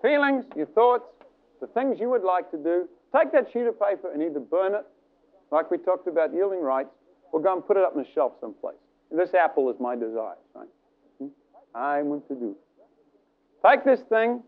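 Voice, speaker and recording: A high-voiced male preacher who delivers a lively, dramatic sermon and acts out scenes with his listeners. The recording is thin and tinny, like an old phone line. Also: normal speed.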